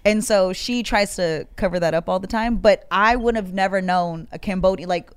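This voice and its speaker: A woman co-hosting a podcast in casual chat, from the Bay Area, telling stories with quick asides. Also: mid-range voice, clean tone, dry recording. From San Francisco Bay Area. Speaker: podcast co-host.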